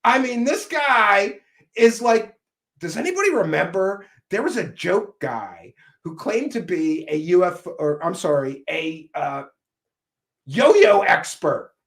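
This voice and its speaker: A man hosting a live commentary stream, mocking and combative, jumping between shouting and muttering. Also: sits high, sing-song, slow, roomy sound. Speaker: commentary show host.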